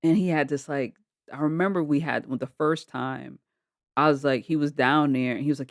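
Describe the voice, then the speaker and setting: A woman's voice: extremely low pitch, moderate pace, vocal fry, no room sound, studio quality. A woman vlogger telling a story casually and bluntly, swearing freely while retelling arguments. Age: adult with kids. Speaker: vlogger reacting to a video.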